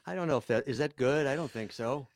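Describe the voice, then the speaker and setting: A man's voice: medium pitch, fast, slight background noise. Older man, self-deprecating guest. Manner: self-deprecating, rambling with many fillers. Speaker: guest comedian and musician. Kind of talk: casual interview chat.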